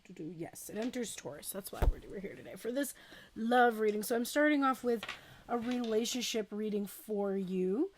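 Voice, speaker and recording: A woman giving a relaxed, chatty tarot reading, unhurried and full of small asides. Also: mid-range voice, a little hiss or hum. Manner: chatty and unhurried, with fillers and self-talk. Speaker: tarot reader. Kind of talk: casual spoken tarot reading.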